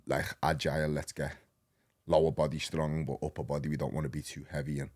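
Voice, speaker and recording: A man in his thirties with a Liverpool accent, a podcast guest telling his story in a rambling, animated, slang-heavy way. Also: a bass voice, brisk. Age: 30s. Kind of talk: casual storytelling.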